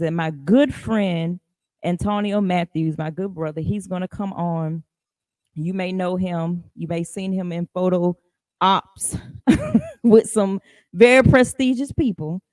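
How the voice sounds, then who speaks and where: A woman hosting a casual podcast, chatty and lively, greeting listeners by name and laughing often. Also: mid-range voice, a little slow, dry recording. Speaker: podcast host. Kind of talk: casual live podcast chat.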